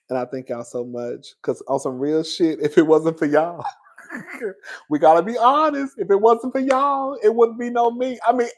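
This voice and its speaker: A man hosting a casual live chat with his viewers, animated and profane, laughing often and calling them girl and honey. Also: high-pitched. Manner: calls listeners girl and honey. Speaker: YouTube commentator.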